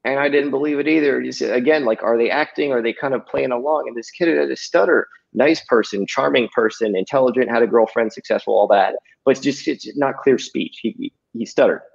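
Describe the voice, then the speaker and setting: A man's voice: mid-range voice, brisk, vocal fry, few pauses, breathy edge. A man, a hypnotist guest, telling a story casually and animatedly, with lots of fillers and some swearing, over a video call. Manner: animated, profane, filler-heavy. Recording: dull lo-fi audio.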